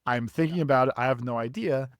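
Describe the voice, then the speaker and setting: A young man telling a rambling story on a podcast, animated and quick to swear, often laughing at his own misfortune. His voice sits in a middle register and sounds close and dry, with almost no room around it. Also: medium pitch, smooth, dry recording. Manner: animated, profane, laughs at himself. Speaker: podcast co-host. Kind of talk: casual storytelling.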